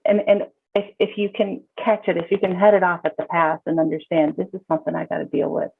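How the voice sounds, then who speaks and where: A woman's voice: fairly low pitch, level tone, fast, creaky, husky. A woman counselor speaking as a podcast guest in an emphatic, casual way, often repeating her words as she starts a thought. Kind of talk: casual conversational advice. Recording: tinny phone-like call audio.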